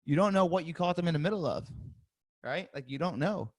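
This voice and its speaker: A man hosting a live sales-coaching webinar. He talks in a lively, chatty way, laughs often and acts out sample phone calls and voicemails. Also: on the high side, a little fast, no room sound, clean studio sound.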